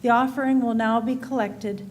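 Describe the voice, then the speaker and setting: A woman reading the offertory announcement in a church service, steady and formal. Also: fairly high pitch, normal speed, slight background noise. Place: church sanctuary.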